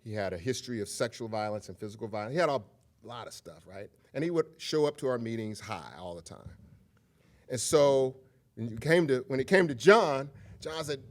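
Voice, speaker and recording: A guest lecturer gives a public talk in a medium-pitched, fairly quick voice with lively intonation. He tells stories and addresses the audience directly, keeping things conversational.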